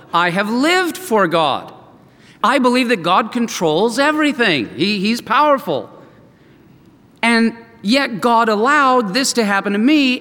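A pastor delivering a sermon, retelling Bible stories and acting out their voices. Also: male voice, high-pitched, big-room sound. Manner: animated storytelling, acts out quoted voices.

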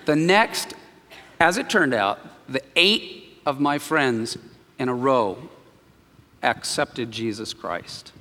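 A man preaching a sermon, telling a personal story with animated swings between quiet and loud. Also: a little high, unhurried, in a large hall. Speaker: pastor.

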